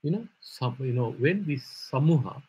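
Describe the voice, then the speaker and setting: A man's voice: medium pitch, animated, normal speed, a little mellow, breathy edge, poor audio. A man teaching a live online Vedanta philosophy class, explaining patiently with rhetorical questions and repeated terms.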